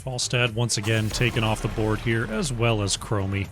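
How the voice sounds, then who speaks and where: A man casting an esports match play-by-play in a measured way, with his voice often dropping quietly at the ends of his phrases. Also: on the low side, fairly even intonation, music in the background. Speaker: esports caster.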